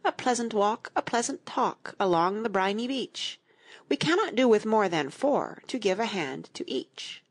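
A woman voicing a smug, gluttonous old walrus in a storybook, with a sing-song, overly sweet manner and a breathy tone. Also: medium pitch, expressive, measured pace. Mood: coaxing.

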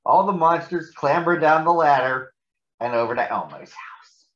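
A man reading a picture book aloud to children in a large arena, slow and deliberate, with lively voices. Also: fairly high pitch. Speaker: storybook reader. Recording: muffled, in a large echoey space.

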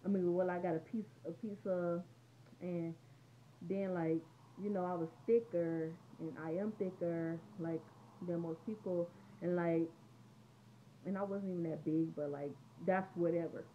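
Teen girl, lower-pitched, casual storytime vlog, rambling chat, dull lo-fi home recording. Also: steady tone, measured pace, a little hiss or hum. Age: teens. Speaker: vlogger. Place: room at home.

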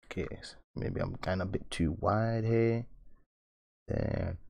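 A man's voice: low-pitched, measured pace, creaky, warm tone, highs cut off. A young man hosting a live drawing stream, chatting casually and slangily to his viewers and laughing often. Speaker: art channel host.

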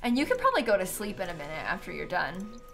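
A woman's voice: medium pitch, huge pitch swings, fast talker, vocal fry. A young woman from Florida, a streamer chatting casually while she plays, rambling and laughing often. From Florida, USA. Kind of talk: casual chat while playing a game.

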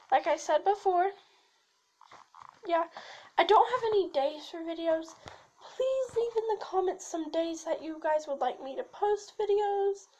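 A woman's voice: very high-pitched, a little mellow, rough recording. A teenage girl chatting casually to her channel, rambling and sidetracked, with many fillers and restarts and a habit of shifting her voice. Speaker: channel host. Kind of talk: casual chat to camera.

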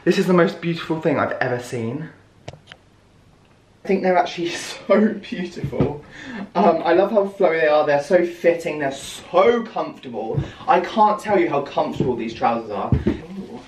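A young man with a British accent, excitedly unboxing a clothing haul and exclaiming, gasping and laughing often. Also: a little high, normal speed. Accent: British English. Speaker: fashion vlogger. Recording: echoey room with clear background noise.

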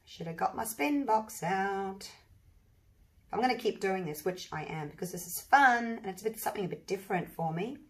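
Husky woman chatting thru her paint pour, thinks out loud, gets all excited, medium pitch. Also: moderate pace. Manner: chatty, thinks aloud, bursts into excited exclamations. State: husky voice from allergies. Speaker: acrylic pour artist. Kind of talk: casual demonstration while working.

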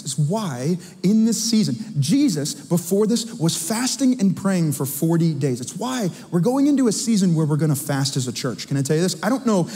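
A man preaching a sermon in an animated, conversational way to his congregation in a church. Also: sits high, breathy edge, big-room sound. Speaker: pastor. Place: church sanctuary.

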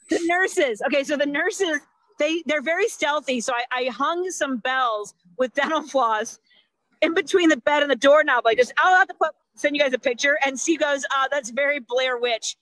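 A woman's voice: sits high, bright, forceful tone, poor audio. A woman comedian giving a rambling, exasperated stand-up rant over a video call. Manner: rambling, exasperated, quick to joke.

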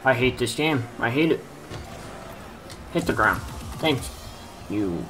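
A man's voice: mid-range voice, animated, slow, a bit bright, faint music behind, rough recording. A young man commenting on his own gameplay, frustrated, muttering and swearing at his opponents. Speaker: gaming youtuber.

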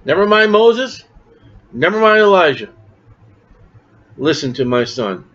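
A man with a rather high voice leads a lively verse-by-verse Bible study sermon. He talks in a conversational way and acts out the people he quotes. The recording sounds dull and lo-fi. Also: unhurried. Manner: animated and conversational, acting out quoted speakers. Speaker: Bible teacher.

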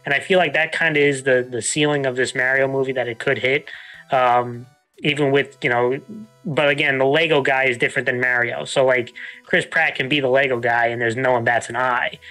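Rambling man with a bright voice. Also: medium pitch, fairly even intonation, brisk, faint music behind, low-quality recording. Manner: rambling, hedging, lots of fillers. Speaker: panelist. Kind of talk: casual roundtable chat.

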